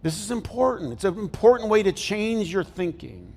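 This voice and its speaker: A middle-aged man preaches in a casual, joking way, asking the congregation questions as he goes. His voice sits a bit high for a man. Long reverb from the church hall trails after his words. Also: sing-song, normal speed, vocal fry, a little mellow. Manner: conversational, jokey, asks the congregation questions. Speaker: pastor. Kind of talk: sermon.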